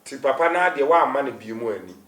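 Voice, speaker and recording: A man's voice: medium pitch, expressive, very fast, fairly bright tone, roomy sound, recorded from a distance. A man hosting a conversational interview, prompting with short responses and laughing along. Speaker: interview host.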